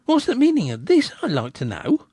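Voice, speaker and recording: A man's voice: very high-pitched, wildly swooping pitch, normal speed, warm tone, slightly rough, no echo, studio quality, pitched above the performer's own voice, exaggerated voice. A man voicing a stout, matronly village woman who speaks tartly in a rustic dialect. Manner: tart, skeptical rustic speech.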